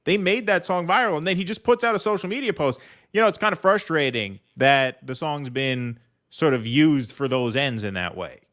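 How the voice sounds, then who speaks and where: A man's voice: on the high side, lively intonation, moderate pace, a bit bright. A man co-hosting a political talk show, agreeable and explaining points in casual chat. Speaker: podcast co-host.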